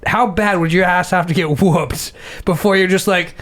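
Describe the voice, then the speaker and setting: A man in a laid-back podcast talk, breaking in with short jokes and follow-up questions. His voice sits a little higher than most men's. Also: a bit bright. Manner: joking, quick interjections and questions. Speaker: podcast guest or co-host. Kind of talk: casual chat.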